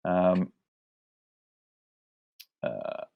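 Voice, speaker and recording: A man running a tabletop game as game master, halting, with many fillers. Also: low-pitched, very animated, gravelly, phone-quality sound, slight background noise.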